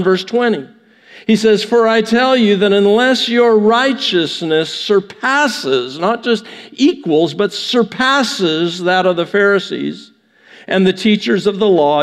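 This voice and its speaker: A man preaching a conversational sermon in a church, often restarting his phrases. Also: extremely high pitch. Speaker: pastor. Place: church sanctuary. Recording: long church reverb.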